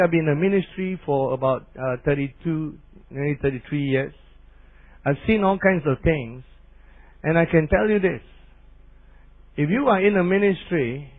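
A middle-aged man preaching with lively, animated delivery, his voice sitting fairly high. The recording is thin and phone-like, with a narrow, lo-fi sound. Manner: animated preaching with barking imitations. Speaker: pastor. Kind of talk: sermon.

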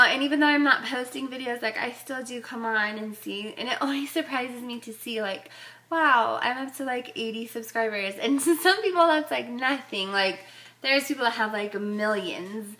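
A woman's voice: a little high, bright, forceful tone. A middle-aged woman chatting casually in a fashion haul vlog, rambling and filling her talk with "like" and "um". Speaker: fashion vlogger.

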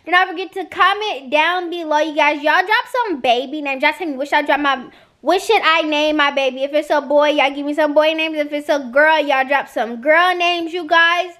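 A woman's voice: sits high, normal speed, a bit bright. A woman vlogging casually with her partner, playful and teasing, talking straight to viewers and sounding a little out of breath. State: out of breath, tired. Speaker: vlogger co-host. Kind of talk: casual couple vlog.

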